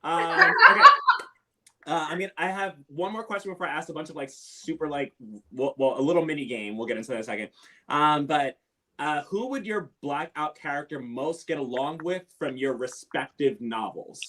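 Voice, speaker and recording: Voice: medium pitch, expressive, normal speed, pushed and bright. A panel moderator asking playful, joking questions.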